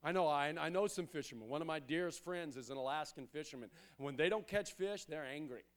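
High-voiced man preaching with emphatic repetition. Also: quick pace. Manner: emphatic, repetitive preaching that swells to loud exhortations. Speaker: pastor. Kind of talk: sermon.

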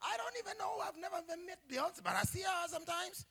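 A man preaching a sermon as pastor, animated and humorous, often shouting and laughing. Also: extremely high pitch, quick pace, creaky. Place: church.

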